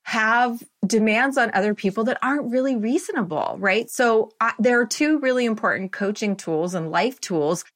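Brief: woman in her fifties, coaching guest, lively and chatty, tags lines with "right?". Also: a little high, normal speed, few pauses. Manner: animated, laughs often, says "right?" a lot. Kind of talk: conversational interview.

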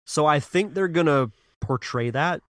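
A man's voice: fairly high pitch, measured pace, no echo, clean studio sound. Rambling man hosting a retro podcast. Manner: earnest, rambling, many restarts and sighs. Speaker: podcast host. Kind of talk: casual chat.

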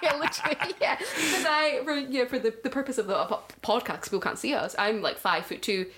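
A woman's voice: high-pitched, fast talker, a bit bright. A woman in her thirties, chatting casually as a podcast co-host and telling a story with lots of fillers. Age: 30s. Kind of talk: casual chat.

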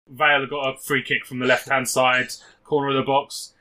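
A football podcast co-host speaks with a medium-pitched, level voice, brisk and sharp in tone. He chats casually and offers jokey match commentary in a laddish, self-mocking manner.

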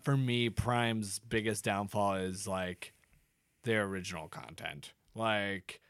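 A man's voice: lowish voice, steady tone, slow, fairly bright tone, smooth, no room sound. A man co-hosting a casual podcast chat, blunt in his opinions. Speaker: podcast co-host.

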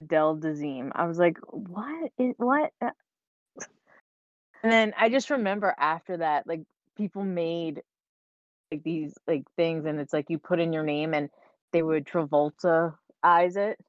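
A woman co-hosting a podcast in casual chat, blunt and quick to laugh, with the odd swear word. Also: deep voice, no echo. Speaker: podcast co-host. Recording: dull lo-fi recording.

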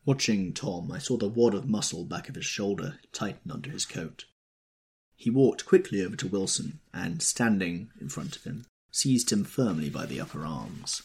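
Male narrator for literary audiobook; low, husky, expressive, animated phrasing. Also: moderate pace.

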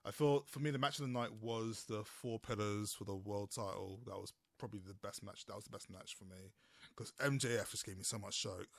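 A man co-hosting a casual podcast, talking in quick, rambling bursts with restarts. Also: on the low side, steady tone, gravelly, no echo. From United Kingdom. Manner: rapid, rambling, with many restarts and laughs. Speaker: podcast co-host.

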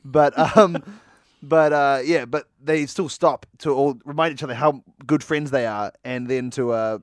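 A man's voice: medium pitch, steady tone, measured pace, no echo, clean studio sound. A man co-hosting a casual movie podcast, joking and laughing often. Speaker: podcast co-host.

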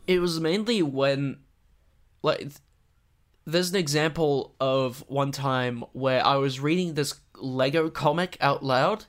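A young man with an Australian accent that carries some American tones, talking as a podcast guest in a halting, self-reflective way with many restarts. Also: medium pitch. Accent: Australian with American tinges. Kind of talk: casual chat.

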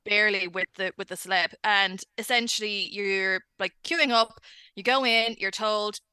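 An Irish woman chats easily as a podcast guest, spinning stories with a bright, clear tone and plenty of laughter. The sound is dry and close. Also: mid-range voice, normal speed, no room sound. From Ireland. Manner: chatty storyteller, laughs often. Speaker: guest, editor. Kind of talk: casual chat.

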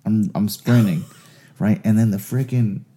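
A man's voice: fairly low pitch, a little slow. A man telling a long casual story, swearing freely and laughing as he goes. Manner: animated, profane, laughs through his stories.

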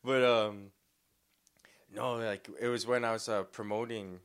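A man's voice: lowish voice, level tone, unhurried, a bit bright, clear, resonant tone. A young man, a podcast co-host, telling stories in casual chat, laughing often and acting out what people said. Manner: laughs often, acts out quotes.

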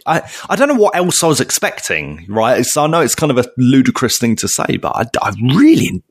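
A man's voice: medium pitch, huge pitch swings, fairly quick, no room sound, studio quality. A young man in casual podcast chat, enthusiastic and bantering with his co-host. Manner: chatty, enthusiastic, banter with slang like mate. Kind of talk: casual chat reviewing a TV episode.

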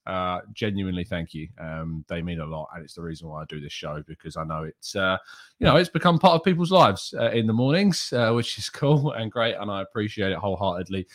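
A man hosting a casual football podcast livestream, chatting away and reading out viewers' names and messages. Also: lowish voice. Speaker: podcast host.

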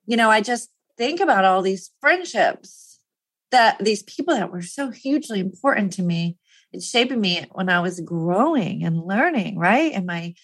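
A woman's voice: mid-range voice, expressive, normal speed, fairly bright tone, dry recording. A woman in her fifties talking through a personal topic in a candid monologue. She rambles, laughs often and trails off to restart her thoughts.

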